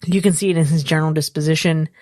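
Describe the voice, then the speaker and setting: A woman's voice: low-pitched, steady tone, racing, darkish tone, dry recording, clean studio sound. A woman co-hosting a movie review podcast, talking animatedly and swearing freely in casual chat. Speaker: podcast co-host.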